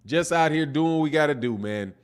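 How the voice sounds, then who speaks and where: A young man with a somewhat high-pitched voice hosts a live boxing stream. He talks loosely and casually, rambles and restarts his sentences, and sprinkles "man" through nearly every thought as he answers viewer comments. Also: animated, a little fast, smooth. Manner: laid-back, rambling, peppers talk with "man".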